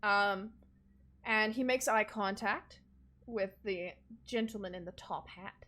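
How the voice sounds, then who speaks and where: A woman's voice: mid-range voice, slow pace, fairly bright tone. A woman narrating a homebrew tabletop game as dungeon master, casual and chatty. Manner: casual, chatty, hesitant fillers.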